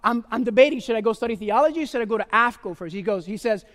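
A man preaching a testimony sermon in an animated way, often calling his listeners "my loved ones" and asking "amen?". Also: high-pitched, very fast, long reverb tail.

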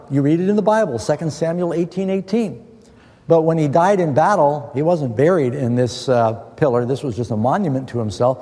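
A middle-aged man preaches a Bible-study sermon, posing a question and then answering it with verses. His voice is warm and mellow, and he sounds earnest and emphatic. A long reverb trails each phrase through a large hall. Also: a little high.

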